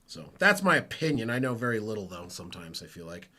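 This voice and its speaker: A man's voice: lowish voice, big pitch swings, fast talker, hardly any pauses, bright, forceful tone. A man hosting a live football reaction stream from home, talking casually in a rambling, self-correcting way. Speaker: sports stream host.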